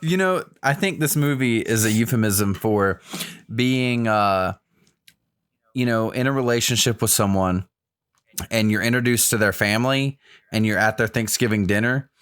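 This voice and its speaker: A man's voice: fairly low pitch, moderate pace, a bit bright, smooth, no room sound. A man co-hosting a podcast in casual chat, dropping wry jokes and asides. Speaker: podcast co-host.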